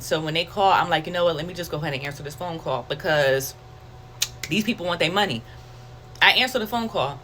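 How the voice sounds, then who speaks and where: Woman telling her testimony, bright tense voice, lowish, faint hiss behind. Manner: candid, conversational, animated storytelling with quoted self-talk. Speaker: testimony vlogger. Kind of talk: casual personal testimony.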